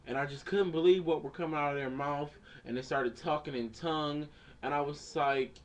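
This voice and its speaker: A man in a casual video rant, rambling with many fillers and restarts and swearing freely. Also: medium pitch. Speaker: vlogger.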